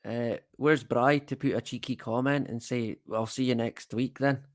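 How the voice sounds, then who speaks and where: A man's voice: mid-range voice, fairly even intonation, moderate pace. Scottish guy chatting on his livestream, laughs at himself a lot, ordinary mid voice. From Scotland. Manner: rambling, self-deprecating, chuckling asides. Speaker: livestream host. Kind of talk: casual livestream chat.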